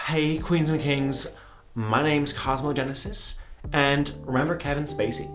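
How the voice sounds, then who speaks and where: A man's voice: fairly high pitch, fairly even intonation, a little slow, natural voice. A man playing a sassy, flamboyant male entertainment gossip reporter who teases and giggles as he delivers the news.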